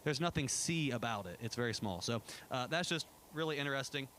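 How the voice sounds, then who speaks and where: A man's voice: medium pitch, lively intonation, fairly quick, a bit bright, slight background noise. A man giving a casual church presentation about a trip, chatty and enthusiastic, with many fillers and restarts. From United States. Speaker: pastor. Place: church sanctuary.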